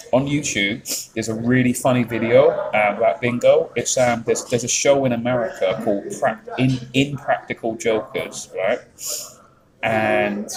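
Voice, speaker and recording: A man's voice: mid-range voice, low-quality recording. A man with a Yorkshire accent chatting on a live stream, rambling, swearing freely and reading out chat messages. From England.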